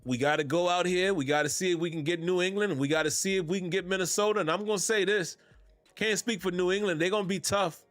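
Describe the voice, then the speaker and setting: A man's voice: high-pitched, steady tone, fast talker, fairly bright tone, no echo, faint music behind. Laid-back man hosting a fan podcast. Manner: laid-back Southern-tinged slang, laughs often. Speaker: podcast host. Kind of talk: casual podcast commentary.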